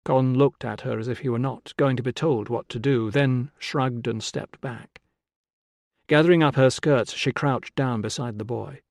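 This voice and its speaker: A man reading an audiobook in a measured, even storytelling voice at a middle pitch. The studio sound is close and very dry, with no room in it. He reads steadily and keeps the story moving. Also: gravelly, dry recording. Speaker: audiobook narrator. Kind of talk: scripted narration.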